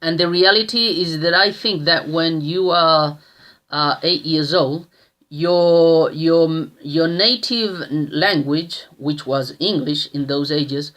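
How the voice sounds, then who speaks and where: Slow, halting man in his thirties. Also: a little high, sharp tone. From Australia. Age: 30s. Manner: slow and halting, with many restarts and tag questions. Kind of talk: casual personal storytelling.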